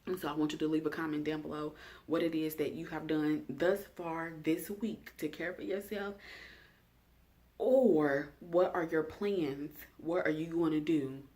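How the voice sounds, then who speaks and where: A woman's voice: low voice, fairly even intonation, measured pace, mellow. Chatty woman vlogger asking viewers questions. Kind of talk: casual self-care check-in talking to camera.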